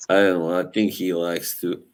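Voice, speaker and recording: Young guy w/ eastern european accent chatting on a stream, laid back, kinda halting, real slow and low. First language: Slavic language. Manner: relaxed, laughs often, halting speech. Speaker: livestream host. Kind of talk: casual live chat.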